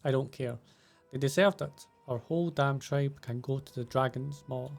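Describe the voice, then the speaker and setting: A man reading the lines of a fierce young female barbarian warrior aloud from game subtitles, keeping his own gravelly voice. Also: medium pitch, moderate pace, faint music behind. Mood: bitter.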